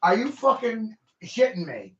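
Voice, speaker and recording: A man's voice: high voice, big pitch swings, measured pace, sharp tone. A man ranting profanely and heatedly in a casual podcast chat. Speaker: podcast host. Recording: echoey, dull lo-fi room.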